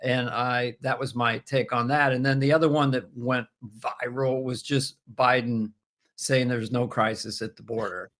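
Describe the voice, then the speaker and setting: A man in his seventies, a comedian guest, chatting in a halting way with many restarts and frequent laughs. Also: medium pitch, fairly even intonation, fairly bright tone. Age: 70s. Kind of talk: casual interview chat.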